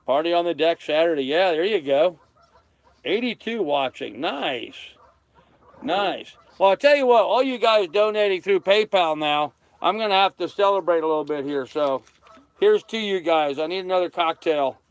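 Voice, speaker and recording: A man's voice: sits high, lively intonation, normal speed, smooth, no echo. Chatty man hosting a boat livestream. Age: 30s. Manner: chatty, thanks viewers by name. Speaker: sailboat livestream host. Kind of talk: casual livestream chat reading comments. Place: on a sailboat cockpit.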